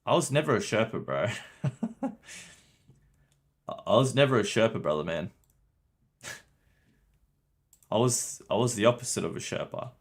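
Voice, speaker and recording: Low-voiced man chatting on stream. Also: sing-song, a little slow, long pauses. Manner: chatty, swears, laughs often, talks to chat. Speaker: game streamer. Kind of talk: casual livestream commentary.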